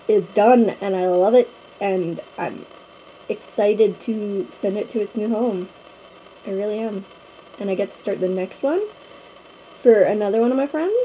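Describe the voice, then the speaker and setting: Young woman, casual home vlog, mellow rambling chat, faint room hum. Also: mid-range voice, rough recording. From Canada. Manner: rambling, chatty, many fillers. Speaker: vlogger. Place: at home, indoors. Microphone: handheld camera, close.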